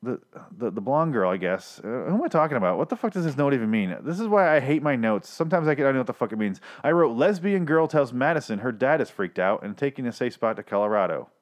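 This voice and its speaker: A man's voice: medium pitch, very animated, fast, few pauses. A man casually recapping a TV episode, rambling and swearing, with self-deprecating asides and frequent restarts. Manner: profane, ranting, rambling with restarts. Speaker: show recap podcaster.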